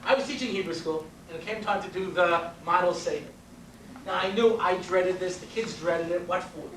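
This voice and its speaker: A man's voice: high-pitched, moderate pace, fairly bright tone. A man from Long Island, New York, giving a storytelling lecture as a rabbi and educator, constantly checking in with his listeners. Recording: roomy, distant mic with faint noise.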